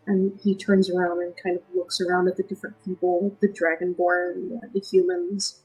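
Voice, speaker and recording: A woman player narrating her character's actions in a tabletop game, in a hesitant, halting way. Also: fairly low pitch, little pitch movement, a little mellow, breathy edge, low-quality recording.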